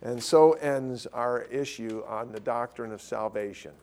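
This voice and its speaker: A man's voice: mid-range voice, a little slow, darkish tone. A middle-aged man giving sermon-style Bible teaching to a class, conversational, repeating his key points. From California.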